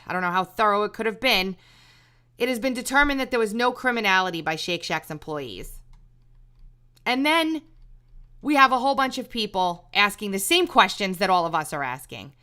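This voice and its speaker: A woman's voice: mid-range voice, lively intonation, a little fast, bright, forceful tone. A woman host delivering an exasperated, emphatic commentary monologue, repeating words when heated. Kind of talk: angry monologue rant.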